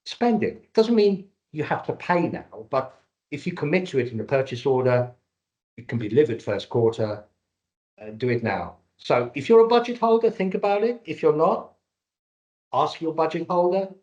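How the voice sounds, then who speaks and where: A man's voice: a little high, sing-song, normal speed, a little mellow. A man from Cyprus and Britain presenting a live webinar over a video call, jokey and salesman-like. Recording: dull lo-fi webinar audio.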